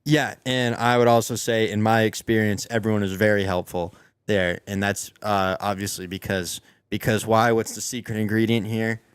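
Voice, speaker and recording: A man's voice: fairly low pitch, level tone, moderate pace, clear, resonant tone, no room sound. A man co-hosting a podcast in casual chat, rambling and joking, often restarting his sentences. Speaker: podcast co-host.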